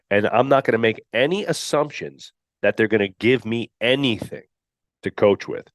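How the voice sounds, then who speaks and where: A man's voice: medium pitch, normal speed, no room sound, studio quality. A man hosting a podcast, giving a blunt, emphatic solo coaching talk that he keeps punctuating with "all right.". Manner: mocks candidates in put-on whiny voices. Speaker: podcast host and gym owner.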